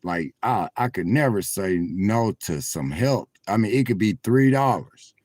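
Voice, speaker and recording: A man with a voice on the low side, expressive, unhurried and a little mellow, chats casually to his livestream audience. He's using his phone in a parked car at a truck stop, his talk rising in preacher-like swells, and there's no room sound.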